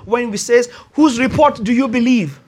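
A man's voice: extremely high pitch, moderate pace, a little mellow, slightly rough. A man preaching a sermon, stressing key words by drawing them out and rising to exclamations.

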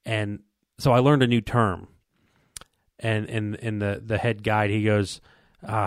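Rambling low-voiced man telling a story. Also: little pitch movement, measured pace, no room sound, clean studio sound. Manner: rambling, repeats words, quotes people in dialogue. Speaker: podcast co-host telling a hunting story. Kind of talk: casual storytelling chat.

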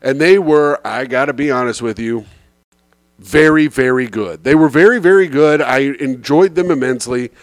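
A man hosting a podcast, telling road stories in an animated, casual comic style with swearing. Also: mid-range voice, moderate pace, no room sound, studio quality. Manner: animated, swearing, slips into quoted voices. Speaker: podcast host.

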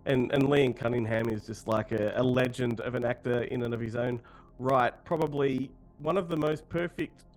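A man's voice: mid-range voice, steady tone, moderate pace. A man interviewing a film director, asking questions with fan-like enthusiasm. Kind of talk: press interview.

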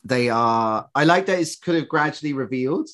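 A man's voice: mid-range voice, expressive, moderate pace, a bit bright. A man co-hosting a podcast, chatting casually about a film and laughing often, with sarcastic jokes. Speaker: podcast co-host. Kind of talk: casual film review chat.

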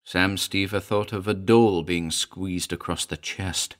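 A man narrating a short horror story in a dramatic reading, moving between hushed and urgent delivery. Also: low voice, fairly even intonation, slow.

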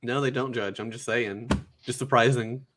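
Podcast host, male, mid-pitched, dry teasing delivery. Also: steady tone, moderate pace, background noise. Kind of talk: casual podcast chat.

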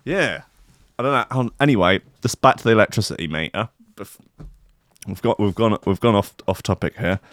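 A man spins a meandering comic story, full of swearing and self-mockery. His voice sits a little low and sounds dry and close. He talks like a host addressing his regular listeners. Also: a little fast, a bit bright, no room sound. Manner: profane, self-mocking, meandering asides.

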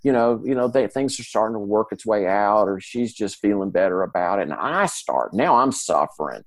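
A man's voice: on the low side, brisk, no room sound. Man, folksy storyteller, dry close sound. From Mississippi, US. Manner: folksy, animated storyteller who acts out dialogue. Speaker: guest in recovery. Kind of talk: casual storytelling interview.

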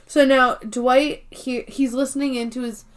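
A woman's voice: high-pitched, fairly even intonation, a little slow. A woman co-hosting a podcast, retelling scenes in casual chat and acting out the characters' lines, swearing freely. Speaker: podcast co-host.

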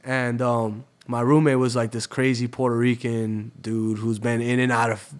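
Podcast guest, young man from Florida, relaxed streetwise storyteller with an ordinary mid-range voice. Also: mid-range voice, normal speed. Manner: streetwise, swears freely, says "bro" often. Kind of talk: casual storytelling interview.

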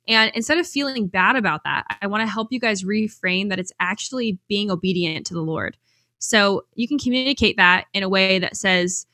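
A woman's voice: medium pitch, brisk, bright, forceful tone, no room sound, studio quality. A woman hosting a podcast as a coach, talking in an upbeat, chatty, enthusiastic way. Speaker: pageant coach and podcast host. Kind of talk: podcast monologue.

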